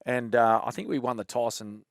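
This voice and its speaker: An Australian man in his forties tells footy stories with lively energy and frequent laughs. His voice sits in a middle range and is recorded close and dry, with no room sound around it. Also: mid-range voice, brisk, gravelly, dry recording. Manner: animated, laughs often, says "mate" a lot. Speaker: podcast guest, former rugby league player. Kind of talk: casual storytelling chat.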